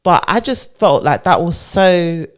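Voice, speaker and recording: Woman podcast co-host with a low pitch, chatty and emphatic. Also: clear, resonant tone. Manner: animated, emphatic, quick to agree. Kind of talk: casual chat.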